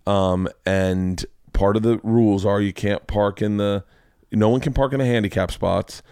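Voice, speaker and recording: A man in his forties hosting a podcast, loud and animated, swearing and acting out quotes as he tells stories. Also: moderate pace, smooth, no room sound, studio quality. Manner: loud, animated, swearing, acts out quotes with big pitch jumps. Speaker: podcast host. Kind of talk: casual chat, storytelling.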